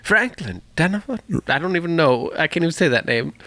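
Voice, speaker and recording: A man's voice: on the high side, quick pace, a bit bright, no room sound. A man co-hosting a casual podcast, swearing freely and drifting off on tangents. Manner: profane, rambling, jokey. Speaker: podcast co-host. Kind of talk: casual chat.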